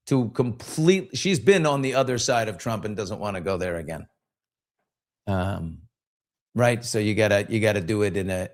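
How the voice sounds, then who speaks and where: An older man, hosting a podcast in loose, conversational commentary, reading comments aloud and often trailing off and restarting. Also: on the low side. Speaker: podcast host. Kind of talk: casual commentary. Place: studio.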